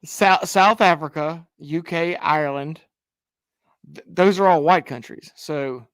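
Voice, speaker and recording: A man co-hosting a live talk show, chatting in a relaxed, hesitant way and chuckling along. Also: a little high, a little slow, clean tone, no room sound. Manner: laid-back, hesitant, chuckling. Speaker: co-host. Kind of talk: casual chat.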